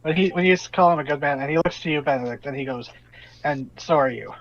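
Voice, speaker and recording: Guy dm-ing a tabletop game, stop-start casual talk, kinda muffled audio. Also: on the high side. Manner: casual, halting, with many restarts. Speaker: game master. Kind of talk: narrating a tabletop game over voice chat.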